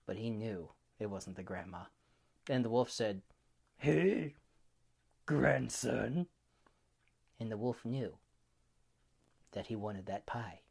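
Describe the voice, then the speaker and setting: A man telling an improvised children's story, playful, laughing often, swinging from hushed to loud. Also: fairly low pitch, fairly even intonation, unhurried, pauses often. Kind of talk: improvised bedtime story for kids.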